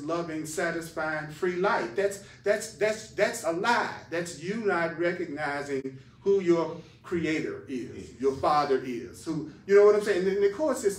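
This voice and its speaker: A man teaching a spiritual class emphatically, repeating phrases for stress. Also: a little high. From United States. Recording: echoey room, voice far from mic.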